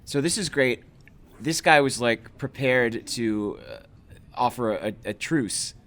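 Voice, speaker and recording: A man's voice: medium pitch, lively intonation, takes it slowly, a bit bright. A man co-hosting a comedy show, riffing with rambling, hammy asides. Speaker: show host.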